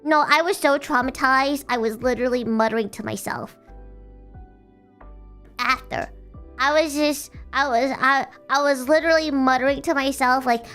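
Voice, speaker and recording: A woman's voice: fairly high pitch, fairly even intonation, normal speed, fairly bright tone, clear, resonant tone, faint music behind. A woman streamer chatting casually in a rambling, bubbly way, teasing herself and restarting her sentences often. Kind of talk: casual livestream chat.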